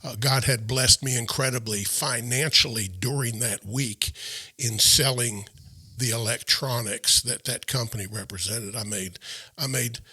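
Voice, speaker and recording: A man telling his life story in a sit-down interview, earnest and halting, often repeating and restarting his words. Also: mid-range voice, steady tone, bright, forceful tone, breathy edge. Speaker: interview guest. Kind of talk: personal storytelling in a sit-down chat.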